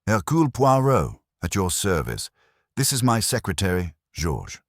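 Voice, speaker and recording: A fastidious foreign detective, as a man voices him, speaks with a smooth accent and formal courtesy. His voice sits very deep and husky, recorded dry and close. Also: wildly swooping pitch, dry recording, heavily acted. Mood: courteous.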